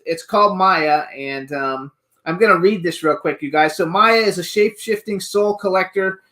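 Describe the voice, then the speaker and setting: A man's voice: on the high side, a bit bright. An eager male talk show host who keeps pushing the conversation forward, chatting casually. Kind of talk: casual chat.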